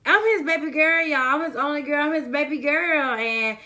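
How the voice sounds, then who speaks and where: A young woman vlogger chatting to her viewers in a casual story time, rambling and warm-hearted, often calling them y'all. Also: high voice, moderate pace.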